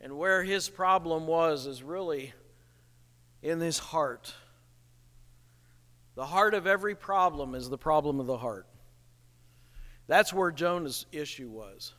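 A man preaching a sermon in an animated way, acting out the people he quotes. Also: fairly high pitch, unhurried, pauses often. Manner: animated, acts out quoted voices, chuckles at the irony. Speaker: pastor. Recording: reverberant hall.

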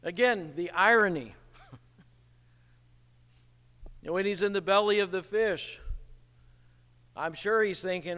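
A man preaching a sermon in an animated way, acting out the people he quotes. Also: sits high, measured pace, long pauses. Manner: animated, acts out quoted voices, chuckles at the irony. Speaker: pastor. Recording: reverberant hall.

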